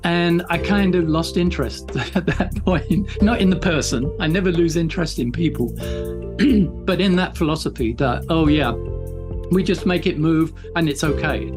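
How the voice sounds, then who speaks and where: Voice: mid-range voice, normal speed, over music. A panel guest telling an anecdote in a reflective way.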